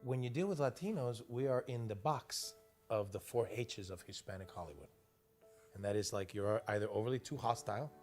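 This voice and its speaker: A man in a documentary interview who talks with an animated, comic flair. His pitch swings widely as he tells his stories. Faint music runs underneath. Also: fairly quick. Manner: animated, comic, does voices.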